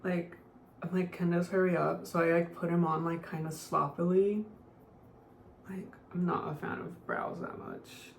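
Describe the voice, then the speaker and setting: A woman's voice: lowish voice, steady tone, a little slow, gravelly. Young woman beauty vlogger, casual filler-heavy chat, roomy sound with faint hiss. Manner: chatty, constant "like" fillers, offhand. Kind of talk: casual makeup tutorial chat. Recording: echoey room, faint noise.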